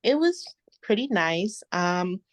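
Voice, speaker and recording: A young woman in her twenties talking as an author guest in a casual interview. Her delivery is soft and earnest, with a reflective tone. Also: mid-range voice, sing-song, takes it slowly, no echo. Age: 20s.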